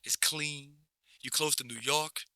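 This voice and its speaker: New coach guy just chatting, bright edgy tone, keeps restarting, dry mic. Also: a little high, unhurried, smooth, dry recording. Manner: relaxed, rambling, many restarts and slang. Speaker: basketball coach, guest. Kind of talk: casual interview chat.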